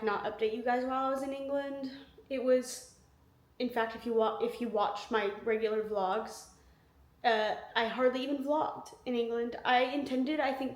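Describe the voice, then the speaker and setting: A woman in her twenties talking casually to camera in a vlog, chatty and rambling with many fillers and restarts. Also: a little high. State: tired, yawning. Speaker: vlogger. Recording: echoey room.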